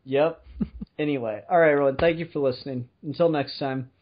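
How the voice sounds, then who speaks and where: Jokey higher-voiced man, lo-fi audio. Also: steady tone, fairly quick. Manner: jokey, laughs often. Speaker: podcast co-host. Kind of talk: casual chat. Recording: dull lo-fi audio.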